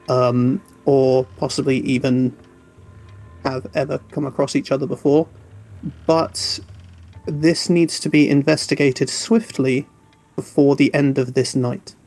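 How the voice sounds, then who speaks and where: A man voicing a stern, businesslike vampire prince who briefs his guests in a measured, formal way. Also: medium pitch, darkish tone, rough recording.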